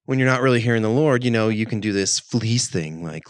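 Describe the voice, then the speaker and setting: A man co-hosting a podcast tells a story in casual chat, animatedly acting out the quoted lines. His voice is fairly low and a little fast, captured with clean studio sound and no echo.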